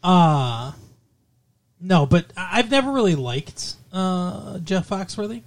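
A man's voice: high-pitched, very animated, takes it slowly. Rambling sardonic male co-host. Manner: rambling, frequent fillers and restarts, sardonic. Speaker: podcast co-host. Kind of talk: casual news chat.

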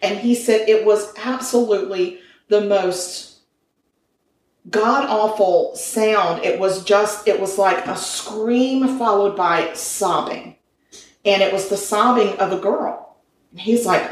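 A woman's voice: medium pitch, slow pace, distant mic. A woman casually retelling a ghost story to a friend, voicing the frightened man's thoughts. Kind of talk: casual chat. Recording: echoey room, away from the mic.

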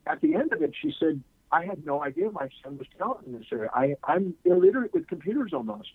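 As a guest on a radio interview show, a man tells an animated story, acting out the voices of the people in it. His voice is a little high, creaky, and husky, delivered at a quick pace. The sound is phone-quality with no room sound.

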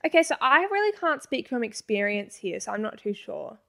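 A woman's voice: fairly high pitch, very animated, a little fast, vocal fry, a bit bright. A young Australian woman co-hosting a casual podcast, reading listener letters aloud and chatting with a giggly, easygoing manner. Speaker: podcast co-host. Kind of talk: casual chat.

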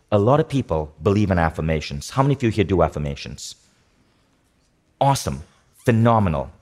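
A man giving a motivational talk to a live audience, energetic, asking the room questions and repeating key phrases. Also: lowish voice. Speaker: speaker teaching a workshop.

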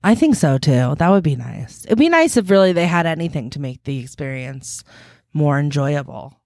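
Female podcast co-host, upbeat and quick, lowish voice with a wide lilt. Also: dry recording, clean studio sound. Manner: upbeat, quick, lively reactions. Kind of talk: casual chat.

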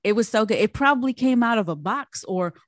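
A woman hosting a casual chat, enthusiastic and quick to laugh and agree with her guest. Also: fairly high pitch, expressive, no echo, clean studio sound. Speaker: host.

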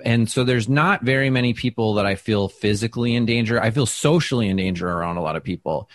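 A man who does stand-up, telling stories in a casual interview, chatty and self-deprecating, with lots of fillers and restarts, and he acts out quoted lines with big jumps in pitch. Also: fast. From Wisconsin. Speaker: stand-up comedian, guest. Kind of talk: casual interview talk, storytelling.

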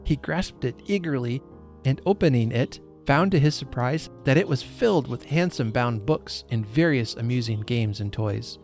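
Guy reading an old christmas story on his podcast, calm and expressive, faint music behind. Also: medium pitch, moderate pace. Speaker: podcast host.

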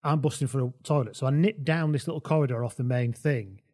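Giggly, animated man telling a comic story. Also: medium pitch, fast. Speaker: podcast host. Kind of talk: comic anecdote.

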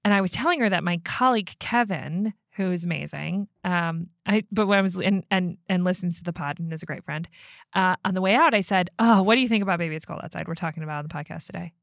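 A woman's voice: lowish voice, fast talker, gravelly, dry recording, studio quality. Chatty podcast host woman. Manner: chatty, laughs often, restarts sentences. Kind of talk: casual chat.

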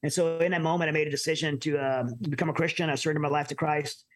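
A middle-aged man from the United States telling his personal story as an interview guest, earnest and halting with many restarts. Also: a little high, steady tone. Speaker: podcast guest.

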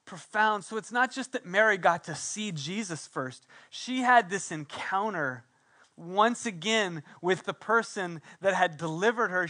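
Fervent high-voiced male preacher. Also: a little slow. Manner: passionate, swings from loud emphasis to hushed intimacy. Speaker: pastor. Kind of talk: sermon.

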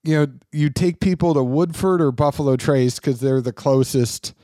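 Recorded with clean studio sound and no room ambience, this podcast host chats casually in a fairly high voice with a dark tone at a moderate pace. He tells rambling stories, often stopping to correct himself.

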